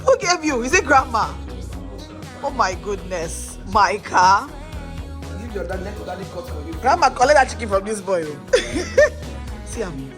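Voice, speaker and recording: A woman's voice: medium pitch, sing-song, a little slow, pauses often, over music. A woman, chatting casually to her vlog audience, gushing and laughing often. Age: 30s. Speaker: vlogger.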